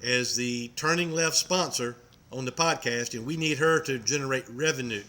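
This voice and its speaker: A man of ordinary pitch co-hosts a podcast in easy, casual chat. He teases his partner with dry jabs and keeps the banter rolling. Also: normal speed, pushed and bright, slight background noise. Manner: teasing, ribbing his co-host. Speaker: podcast co-host.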